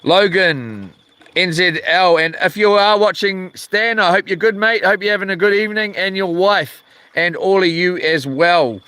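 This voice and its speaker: A man's voice: high-pitched, moderate pace, sharp tone, clean tone, no echo. A man with a New Zealand accent casually chatting on a fishing live stream, reading viewer comments aloud with lots of fillers and restarts. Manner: rambling, reads chat aloud with many fillers and restarts. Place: outdoors by the sea while fishing.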